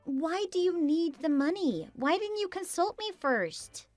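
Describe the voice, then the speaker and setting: A woman's voice: extremely high pitch, animated, a little slow, a little mellow, no room sound, soft background music. A synthetic female voice reading a worried wife who presses her husband with anxious questions in a text-message story.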